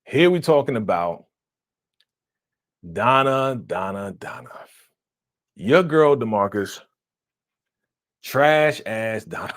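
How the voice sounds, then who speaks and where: Animated man hosting a live reaction stream. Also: medium pitch, takes it slowly, pauses often, dry recording, clean studio sound. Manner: animated, laughing, acts out quotes in raised voice.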